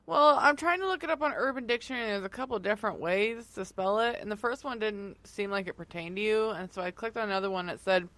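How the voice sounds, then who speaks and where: She is a woman with a mid-range voice, co-hosting a casual podcast chat. She delivers dry, quick quips and reads things aloud offhandedly. The recording is dry and close-miked. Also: medium pitch, a bit bright, dry recording. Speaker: podcast co-host.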